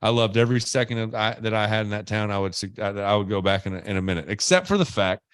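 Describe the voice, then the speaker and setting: A man co-hosting a casual podcast chat, telling stories with lively voices for the people he quotes. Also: lowish voice, fast, clean tone, no echo. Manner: animated storyteller, acts out quoted people. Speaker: podcast co-host.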